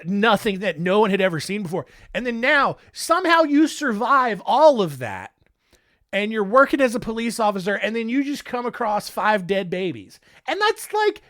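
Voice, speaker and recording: A man's voice: high-pitched, fairly bright tone, no echo. A man hosting a comedic storytelling podcast, rambling with joking, defensive asides and frequent laughter, on a close mic. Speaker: podcast host.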